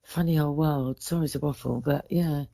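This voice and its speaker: A woman's voice: low voice, steady tone, moderate pace, creaky, dark tone, no echo. A woman in her forties chats on a podcast, drifting from one story to the next. She keeps breaking off and restarting her sentences, and the voice sounds dry and close. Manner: rambling, self-interrupting storyteller. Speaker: podcast guest. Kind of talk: casual chat.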